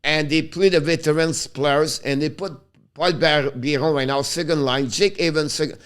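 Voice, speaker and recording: Fired-up hockey host. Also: male voice, fairly high pitch, fairly even intonation, moderate pace, a bit bright, smooth. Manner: passionate, gets worked up and frustrated, non-native English phrasing. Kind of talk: pre-game hockey preview.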